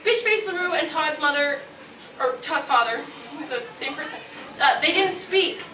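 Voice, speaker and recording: Woman, late 20s, from Nova Scotia, loud comic storyteller with a slightly high voice; live stage recording, roomy and noisy. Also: moderate pace, distant mic. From Nova Scotia, Canada. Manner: animated, brash, laughs at her own lines, yells punchlines. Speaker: solo comedy performer.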